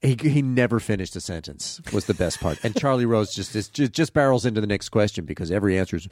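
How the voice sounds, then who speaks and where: A man's voice: on the low side, lively intonation, fast talker, few pauses, a little mellow, no echo. A man, a comedian guest on a podcast, chatting casually with a dry, wry wit.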